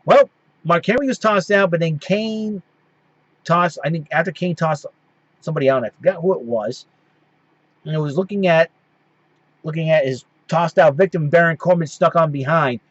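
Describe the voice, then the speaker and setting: A man's voice: a little high, normal speed, long pauses, dry recording, lo-fi sound. A man hosting his own show, giving a casual recap that rambles and keeps restarting its sentences. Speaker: host.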